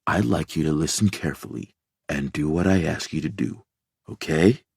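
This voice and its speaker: A man voicing a calm middle-aged doctor who speaks slowly in a reassuring baritone. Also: gravelly, slightly rough, no echo, clean studio sound, full character voice. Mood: soothing. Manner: slow, soothing, reassuring baritone.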